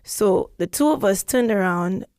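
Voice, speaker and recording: A woman telling a story in casual podcast chat, animated and acting out the quotes she tells. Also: unhurried, clear, resonant tone, no room sound. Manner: animated, acts out quotes with big pitch jumps.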